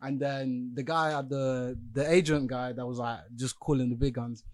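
A man's voice: mid-range voice, fairly even intonation, normal speed, no room sound. A young man, co-hosting a casual podcast chat and retelling scenes step by step. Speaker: podcast co-host.

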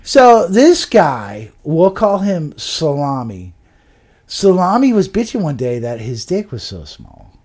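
A man co-hosting a podcast, telling crude stories in an animated, profane way. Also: a little high, slow. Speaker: podcast co-host. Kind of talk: crude casual podcast storytelling.

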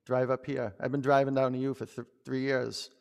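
A man's voice: mid-range voice, little pitch movement, brisk, vocal fry, darkish tone, clear, resonant tone, long reverb tail. A young man, a yoga teacher chatting and rambling as he leads a class. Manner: chatty, rambling, with many "you know"s. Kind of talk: talking while leading a yoga class. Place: yoga studio.

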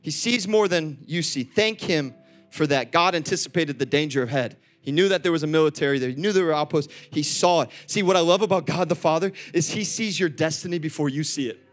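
A young man preaching a sermon, animated, swinging between loud calls and soft asides and talking straight to the congregation. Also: a little high, brisk, faint music behind. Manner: acts out quoted voices, chats with the congregation. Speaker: pastor.

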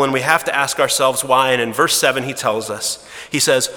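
Male preacher, conversational sermon, restarts, crisp bright tone, long hall reverb. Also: mid-range voice, normal speed. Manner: conversational, hesitant restarts, drops to a hushed voice for emotional moments. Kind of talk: sermon storytelling.

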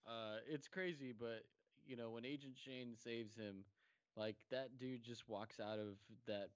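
A man's voice: medium pitch, fairly even intonation, a little slow, clean tone, dull audio. A young man with a mid-range voice joins a casual movie riff. He is laid-back, agreeing and adding details as he goes. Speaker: podcast co-host.

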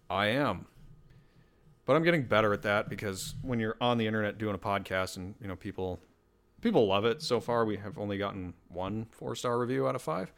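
A man's voice: medium pitch, a bit bright. A man hosting a podcast alone, talking casually in a rambling, self-deprecating way. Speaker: podcast host. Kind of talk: casual solo podcast chat.

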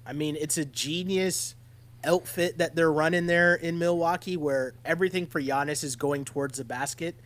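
Co-hosting a relaxed sports podcast, he talks with energy and repeatedly checks in with his partner using "right?". He speaks at a moderate pace in a slightly high voice.

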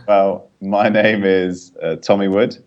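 A British man speaks in a very low voice, steady and explanatory with plenty of fillers. He sounds like a doctor guest on a podcast. His audio is dull and lo-fi, as over a remote line. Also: slow. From United Kingdom. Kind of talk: podcast interview.

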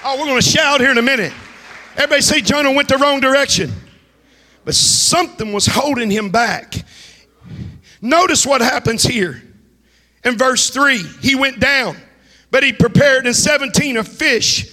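Pastor, male, fiery shouted sermon, bright tense tone, chanting cadence. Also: extremely high pitch, normal speed, long pauses, a faint crowd. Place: church hall. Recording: reverberant church hall.

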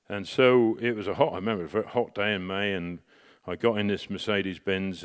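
This middle-aged man tells his story with a slightly low voice. He talks casually, breaking off and restarting, and rises into lively bursts at the exciting moments. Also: clear, resonant tone. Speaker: storyteller recounting personal experience.

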